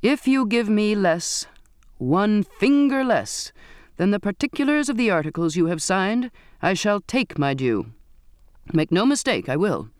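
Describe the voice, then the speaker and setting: Man voicing a courtly sea captain, stern, sardonic, firm clear voice, slightly high, dry sound. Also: lively intonation, normal speed, dry recording. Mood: menacing. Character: stern, courtly, contemptuous male ship captain.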